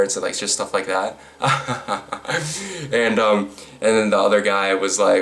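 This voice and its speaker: A man's voice: lowish voice, steady tone, moderate pace, a bit bright. A man telling a storytime vlog, rambling with lots of fillers and restarts, with a sarcastic edge. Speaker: vlogger.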